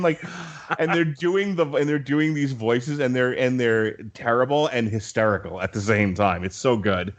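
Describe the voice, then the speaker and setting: A man's voice: mid-range voice, lively intonation, moderate pace, dull audio. A man hosting a podcast in casual chat, enthusiastic, laughing often and swearing casually. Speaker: podcast host.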